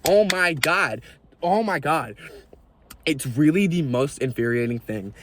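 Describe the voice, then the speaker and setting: A young man ranting to camera in a vlog, animated and exasperated, swearing freely. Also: on the high side, measured pace, a little hiss or hum. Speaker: video creator.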